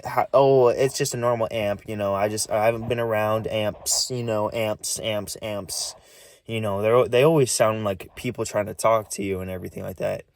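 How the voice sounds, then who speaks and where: A man's voice: on the low side, steady tone, moderate pace, no echo. Stammering nervous man rambling. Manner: stammering, restarting words; voice swings up and down. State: nervous and shaky. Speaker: vlogger. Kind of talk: rambling casual vlog.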